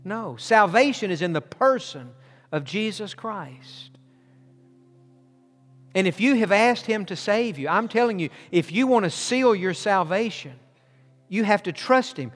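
A man with a high voice, preaching a sermon as pastor. He moves from ringing, emphatic declarations down to a hushed, slow voice while he leads a prayer. His voice rings with the long reverb of a large hall. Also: animated, soft background music.

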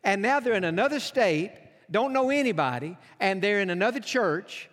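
A man with a notably high voice preaches a sermon from the pulpit of a large church. He tells stories in an earnest, heartfelt manner as a pastor. His words ring out with the long reverb of the big sanctuary. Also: lively intonation, moderate pace, fairly bright tone.

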